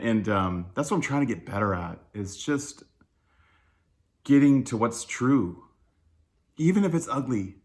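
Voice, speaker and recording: Candid, lowish-voiced male church speaker. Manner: candid, self-deprecating, chuckles often; loose with many fillers and restarts. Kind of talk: conversational sermon.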